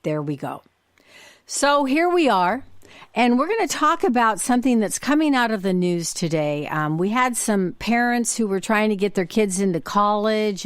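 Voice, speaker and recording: A chatty woman hosting a podcast, spinning casual stories at a middle pitch. She talks in a loose, conversational way. The sound is dry and close, with no room echo. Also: clear, resonant tone. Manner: chatty, with frequent fillers and restarts. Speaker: podcast host. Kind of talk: casual storytelling monologue.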